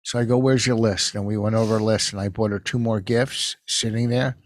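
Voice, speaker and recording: A man's voice: fairly low pitch, fairly even intonation, brisk. An older man co-hosting a podcast, telling stories in a rambling, defensive way. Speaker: podcast co-host. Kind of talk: casual chat.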